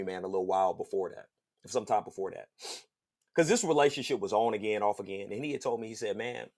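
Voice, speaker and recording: A man hosting a podcast, telling a personal story in a casual, slangy, animated way and laughing along the way. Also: mid-range voice. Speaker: podcast host.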